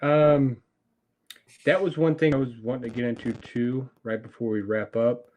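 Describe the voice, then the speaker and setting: Man, podcast co-host, dry and wry, leads the questions; middle pitch. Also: steady tone, moderate pace, narrow, tinny audio, a little hiss or hum. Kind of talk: casual chat.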